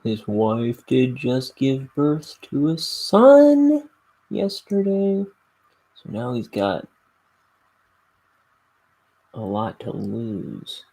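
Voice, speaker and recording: A man's voice: mid-range voice, big pitch swings, very slow, vocal fry, long pauses, dark tone, breathy edge, pitched above the performer's own voice, exaggerated voice, low-quality recording. A man putting on a goofy Southern US drawl, playing a man telling a dramatic tale. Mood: mock dramatic. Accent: Southern US, put on.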